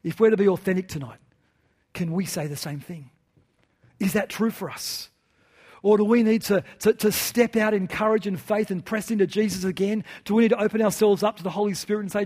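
High-pitched guy preaching at church, earnest, lots of questions thrown at the congregation. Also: normal speed, a little mellow. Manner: earnest, with rhetorical questions and repeated phrases. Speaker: pastor. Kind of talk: sermon.

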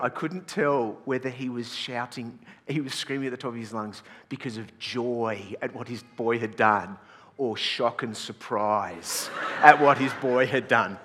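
A middle-aged pastor telling a self-deprecating story in a sermon, chatty and full of restarts. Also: male voice, medium pitch, steady tone, measured pace, fairly bright tone, husky. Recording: long reverb in a large hall.

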